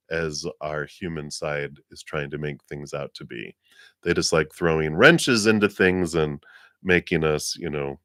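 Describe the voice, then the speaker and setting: Male livestream reader with a very low voice and a gentle, meandering, fill-word-heavy delivery, laughing often, a little lower than usual from the weather, dry close mic. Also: no room sound. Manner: gentle, rambling, laughs often, many fillers. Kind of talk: casual live reading.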